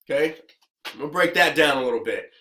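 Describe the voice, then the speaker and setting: A man who works as a business coach, giving an energetic motivational talk to the camera and checking in with "okay?" again and again. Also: fairly high pitch, quick pace, reverberant. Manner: energetic, repetitive, keeps asking "okay?".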